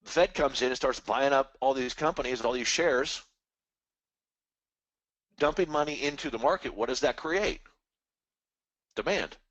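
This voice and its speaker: A man's voice: mid-range voice, a little slow, pauses often, fairly bright tone, no echo. A man hosting a live trading stream, rambling casually and animatedly about markets and the economy, now and then mimicking other people's voices. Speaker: trading webinar host.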